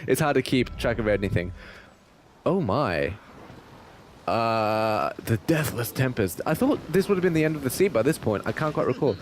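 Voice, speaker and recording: A man's voice: mid-range voice, animated, moderate pace. A man hosting a game playthrough, chatting playfully and laughing at himself between readings. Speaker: let's play host.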